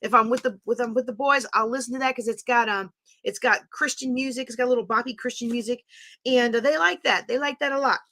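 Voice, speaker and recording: A high-pitched woman teaches an online class, chatty and animated as she works through her points on a board. Her bright voice carries a gravelly edge of vocal fry. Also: fast talker.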